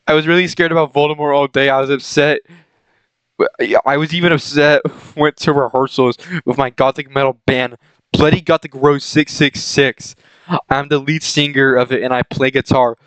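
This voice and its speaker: Young guy reading cringey fanfic out loud, cracking up, smooth voice, dry close mic. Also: medium pitch, fairly even intonation, normal speed, no room sound, rough recording. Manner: laughing through the text, breaking off to comment. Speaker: reader of a fanfic. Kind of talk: comedic dramatic reading.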